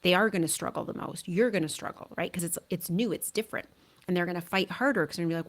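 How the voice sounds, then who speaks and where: A woman's voice: fairly low pitch, quick pace. A middle-aged woman hosting a parenting podcast, giving earnest, conversational advice and often checking in with "right?". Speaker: parenting coach and podcast host. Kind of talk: solo podcast advice talk.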